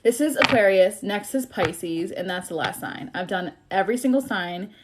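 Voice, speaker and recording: A young woman gives a casual tarot reading on a livestream, blunt and chatty, apologizing for the bad news she delivers. Her mid-range voice is animated and at normal speed, with background noise behind her.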